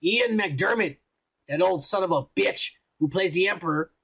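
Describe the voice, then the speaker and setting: Crude rambling man with a gravelly, high voice. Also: normal speed, fairly bright tone. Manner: rambling, crude, teasing, lots of filler yeahs. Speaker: podcast co-host. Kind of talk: casual profane nerd chat.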